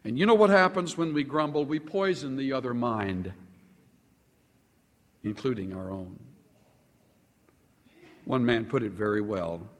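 A man preaching a sermon to a congregation, animated, stretching out key words for emphasis. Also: long reverb tail. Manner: animated, sweeping pitch swings with slow drawn-out emphasis. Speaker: pastor.

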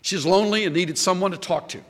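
A man preaching a sermon as pastor, emphatic and lively, quoting scripture. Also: high voice, fast, breathy edge, long reverb tail.

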